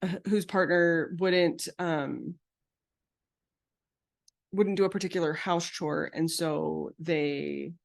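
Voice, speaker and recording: A woman's voice: steady tone, takes it slowly, gravelly, long pauses. Chatty woman therapist teaching live. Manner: casual, explanatory, many fillers and restarts; acts out quoted lines with sudden high pitch. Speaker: psychotherapist and betrayal coach.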